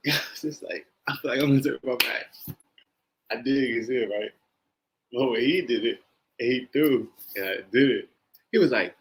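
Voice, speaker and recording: A man in casual chat who tells stories in an animated way, acting out quotes and laughing often. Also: mid-range voice, a little fast. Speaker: co-host.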